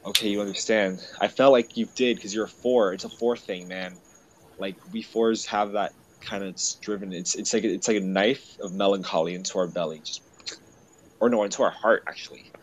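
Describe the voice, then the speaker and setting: A man talking in a halting, confessional way, emotional and tearful. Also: on the low side, steady tone, slight background noise, low-quality recording. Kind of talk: casual conversation.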